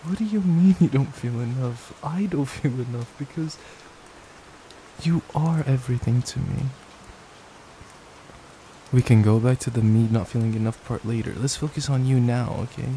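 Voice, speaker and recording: A young man in a whispered role-play as a boyfriend, gentle, affectionate and reassuring, speaking into a desk microphone at home. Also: mid-range voice, normal speed, a little hiss or hum, poor audio. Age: young adult. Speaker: ASMR creator. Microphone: desk microphone at a gaming setup.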